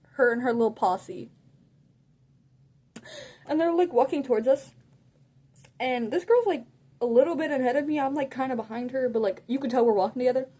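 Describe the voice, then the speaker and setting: A woman telling a story in a casual, animated way, saying "like" a lot and often laughing mid-sentence. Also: fairly high pitch. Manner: chatty and animated, heavy use of "like". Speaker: vlogger.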